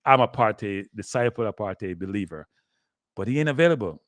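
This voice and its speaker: A man's voice: fairly low pitch, expressive, a little fast, dry recording. An older man with a Jamaican accent hosting a rambling live sports talk stream, slipping into patois and talking straight to his viewers. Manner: rambling, slips into patois, keeps addressing "people".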